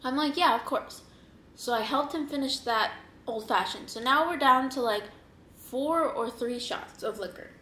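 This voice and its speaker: Young woman rambling thru a story, kinda high voice, lots of laughing, echoey room. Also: moderate pace. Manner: animated, rambling, laughs often, acts out quotes. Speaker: mukbang host. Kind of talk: casual storytelling. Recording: roomy echoing room.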